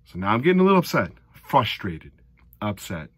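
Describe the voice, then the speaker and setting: A middle-aged man giving a casual recap of a hockey game, animated and sarcastic, often exasperated. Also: on the low side, brisk, breathy edge, dry recording, studio quality. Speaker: hockey fan commentator.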